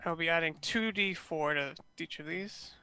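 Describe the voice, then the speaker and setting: A man's voice: fairly high pitch, normal speed, pushed and bright, clear, resonant tone. A man playing a tabletop game, polite and laughing easily. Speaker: player. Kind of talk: casual tabletop play.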